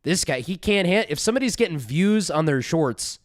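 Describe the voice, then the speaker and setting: A man's voice: a little high, lively intonation, brisk, no room sound, studio quality. A man doing profane, mocking reaction commentary, sarcastic and incredulous, swearing often.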